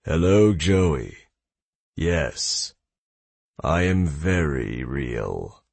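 A man voicing a formal, somewhat awkward god asking for a follower, with a husky voice. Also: rumbling low, very slow, dry recording, heavily acted. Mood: earnest. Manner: calm, formal, slightly awkward. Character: awkward, pleading male hidden deity.

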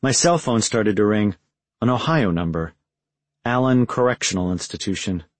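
A man reading a first-person audiobook in a measured, reflective way. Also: on the low side, animated, no room sound. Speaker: audiobook narrator.

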